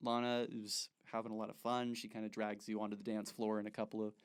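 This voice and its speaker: A man narrating a tabletop game as game master in a relaxed way. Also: fairly low pitch, fast talker, clean tone.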